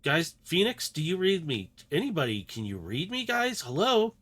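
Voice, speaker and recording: A man's voice: on the high side, big pitch swings, fairly bright tone. A man putting on a frantic woman station officer. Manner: urgent, rapid, flustered calling out.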